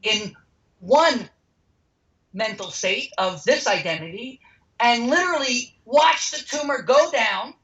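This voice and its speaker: On lo-fi audio, a very high-pitched, expressive male voice with a sharp tone takes its time. He is the founder of a healing center giving an interview, telling stories emphatically and performing the voices of the people he quotes.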